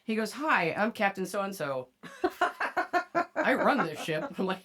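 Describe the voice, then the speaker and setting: A woman's voice: medium pitch, sing-song, a little slow, pauses often, fairly bright tone. A woman hosting a podcast, telling a profane story in casual chat and laughing often. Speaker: podcast host.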